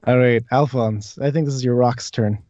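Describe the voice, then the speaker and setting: A man's voice: mid-range voice, steady tone, moderate pace, mellow, no echo. Man running a tabletop game, dry muffled sound. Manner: hesitant, many ums and restarts. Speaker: dungeon master. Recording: dull lo-fi stream audio.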